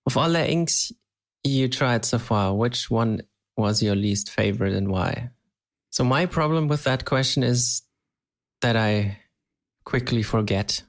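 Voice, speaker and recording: Gravelly-voiced man, hesitant podcast co-host. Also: medium pitch. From Europe. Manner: hesitant, laughs often. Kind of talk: casual chat.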